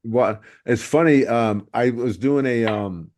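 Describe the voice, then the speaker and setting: A man's voice: mid-range voice, slow, a little mellow, slight background noise. A man from Ohio hosting a casual podcast, talking in a loose, rambling way. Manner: rambling, many fillers and restarts. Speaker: podcast host, stand-up comic.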